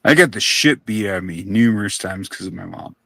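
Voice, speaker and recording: Young guy, low and relaxed, rambling storyteller, dry close mic. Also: fairly quick, gravelly, no room sound. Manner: laid-back, rambling, swears casually. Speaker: co-host on a live stream. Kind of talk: casual storytelling chat.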